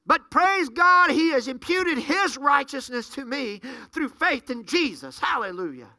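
A man's voice: very high voice, sing-song, measured pace, sharp tone, no room sound, studio quality. A man preaching a sermon, fervent and full of rhetorical questions to the congregation.

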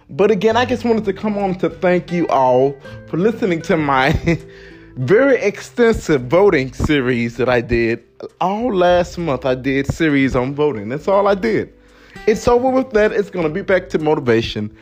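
A man from the United States hosting a motivational podcast monologue, emphatic and repetitive, over faint background music. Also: on the high side. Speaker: podcast host.

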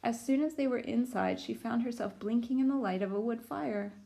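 A woman's voice: on the high side, brisk, creaky, warm tone. A woman teacher reading a storybook aloud to children, with chatty asides to her listeners.

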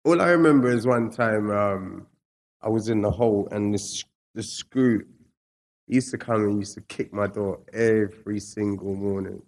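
A man from England, a guest speaking casually and reflectively about his past, slangy and lively when retelling stories. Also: lowish voice, normal speed. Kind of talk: casual storytelling interview.

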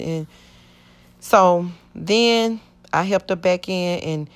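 Middle-aged woman, low-ish voice, earnest rambling testimony, voices the people in her story. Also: takes it slowly, clean tone. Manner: earnest, rambling, acts out quoted speech. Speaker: church member giving testimony.

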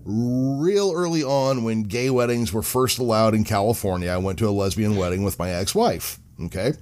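A man's voice: on the low side, moderate pace, darkish tone. A man hosting a podcast, chatting casually, joking and swearing. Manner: joking, profane. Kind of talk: casual chat.

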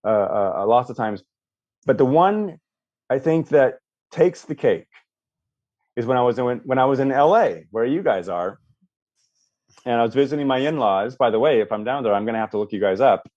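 Animated male storyteller, dull dry sound. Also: medium pitch, normal speed, pauses often, no echo. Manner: animated storyteller, acts out voices, frequent restarts. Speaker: podcast guest. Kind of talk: storytelling in a casual interview.

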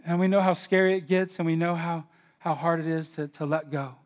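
A middle-aged man preaching a sermon as pastor, swinging between loud outbursts and quiet asides. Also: a little high, steady tone, fairly quick.

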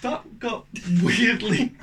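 Man, young, podcast co-host, sharp, excitable, sweary. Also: extremely high pitch, slight background noise. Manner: swears a lot, quick excitable outbursts. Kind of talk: casual comic banter.

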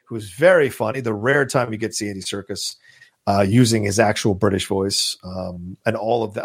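A man's voice: lowish voice, fairly quick, slightly rough, no echo, clean studio sound. A man co-hosting a casual podcast, rambling enthusiastically about movies and swearing now and then. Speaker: podcast co-host.

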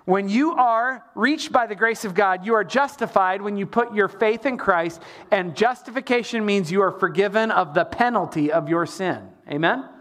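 Male pastor, middle-aged, lively emphatic sermon delivery, swings between loud pushes and quiet asides. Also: high voice, normal speed. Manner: animated preaching with sung lines and emphatic repetition.

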